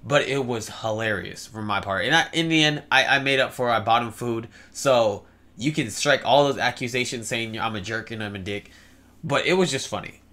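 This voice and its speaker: Young man rambling through a story time, bright voice. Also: medium pitch, moderate pace. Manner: rambling, filler-heavy storytelling with stammered restarts. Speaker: vlogger.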